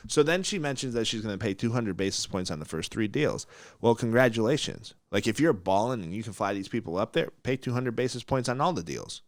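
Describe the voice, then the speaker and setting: A podcast host tells a story bluntly and with animation, his pitch swinging up and down as he acts out quotes and laughs easily. He speaks a little fast, and his voice is dry and close to the mic, with no room sound or echo.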